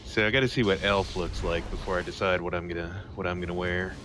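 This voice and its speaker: A man's voice: low-pitched, steady tone, fast talker. A man joking playfully in a casual gaming voice chat. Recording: noisy game voice chat.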